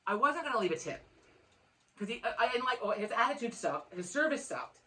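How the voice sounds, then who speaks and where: A woman's voice: a little high, big pitch swings, fairly quick, bright, forceful tone. A woman co-hosting a podcast, telling a long story in casual chat, frank and swearing freely with many restarts. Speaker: podcast co-host.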